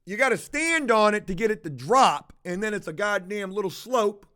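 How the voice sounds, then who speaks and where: Profane, high-voiced man telling a renovation story. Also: lively intonation, moderate pace, fairly bright tone. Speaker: house flipper vlogger. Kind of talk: casual livestream chat.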